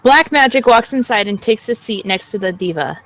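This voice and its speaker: A woman's voice: mid-range voice, animated, moderate pace, fairly bright tone. Young woman co-streamer reading aloud. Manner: reads game narration, chatty asides. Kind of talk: casual let's-play reading of a text game.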